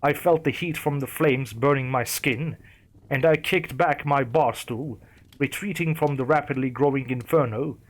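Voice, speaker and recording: A man reads a first-person horror story aloud as its narrator. His delivery is steady and storytelling. His voice sits at an ordinary middle pitch for a man. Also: normal speed.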